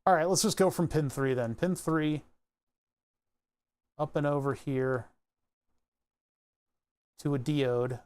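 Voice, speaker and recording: In a chill livestream, a streamer narrates at a medium pitch, unhurried and half to themselves. They mutter, letting sentences trail off and correcting themselves often, like someone thinking aloud while working.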